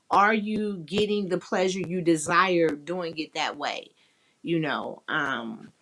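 A frank woman hosts a loose, casual live chat and speaks in a fairly low register. She talks bluntly and explicitly, candid and playful with whoever is listening. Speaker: podcast host.

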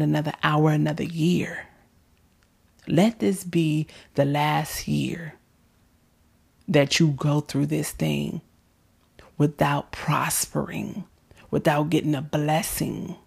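A woman preaches a fervent, exhorting motivational sermon and leads listeners in prayer, calling them "baby" and sometimes dropping to an intimate whisper. Her voice is low, gravelly, a bit mellow and breathy, with a flat, unhurried delivery.

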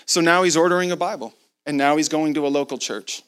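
A man preaching a sermon, telling a story in an animated way and acting out both sides of the conversation, with laughs along the way. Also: fairly high pitch, normal speed.

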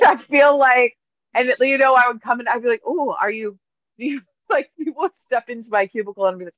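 A woman's voice: a little high, fairly quick, a bit bright, dry recording, highs cut off. A woman co-hosting a podcast, telling stories in a chatty, playful way with lots of fillers. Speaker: podcast co-host. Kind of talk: casual chat.

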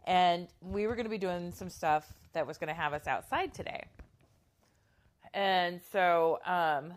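Woman on a podcast rambling thru an awkward story, lots of ums, kinda low voice. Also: a little slow. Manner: rambling, self-conscious storytelling with many fillers and restarts. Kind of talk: casual podcast chat.

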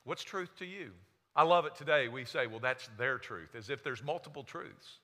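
A man's voice: medium pitch, moderate pace, pushed and bright. A man preaching a sermon as pastor, acting out the people he quotes. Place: church sanctuary. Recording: reverberant church hall.

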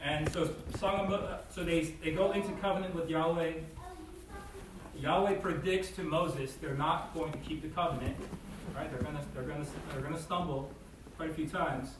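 A man with a high voice gives a casual Bible teaching, full of "like" and "right?" asides. He sounds distant from the mic in a very reverberant room, with faint noise underneath. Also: steady tone, moderate pace. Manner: conversational, many "like" and "right?" asides; acts out voices in quotes.

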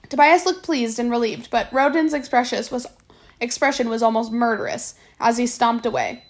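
High-voiced woman reading a novel. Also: moderate pace. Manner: steady storytelling with small restarts. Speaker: audiobook reader.

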